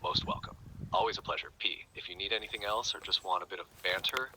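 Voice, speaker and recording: Deep synthetic male voice, cheery banter. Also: fast, pushed and bright, slight background noise, poor audio. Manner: cheery, folksy Irish-flavoured phrasing. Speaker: AI chat companion. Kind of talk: chatty joke-telling banter. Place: played from a phone on a river outdoors.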